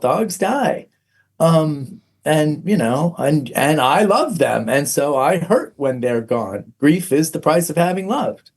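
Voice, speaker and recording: A middle-aged man, a podcast guest, telling a personal story candidly, frank and self-mocking, with plenty of "um"s. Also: on the high side.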